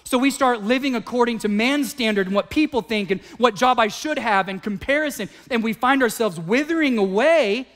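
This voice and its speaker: A male pastor preaching a sermon, telling a personal story with animated delivery and acting out the voices of others. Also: very high-pitched, fairly quick, few pauses.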